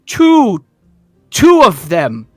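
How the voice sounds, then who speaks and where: Drunk, excitable villager with a high squeaky voice and stammering outbursts, played by a man. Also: drawn-out words, dry recording, soft background music, heavily acted. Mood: frantic.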